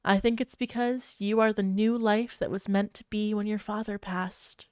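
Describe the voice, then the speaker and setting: A woman's voice: mid-range voice, steady tone, normal speed, clean tone, dry recording, clean studio sound, natural voice. Woman reading as a weak, grieving young mother. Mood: tender hushed. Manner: weak, hushed.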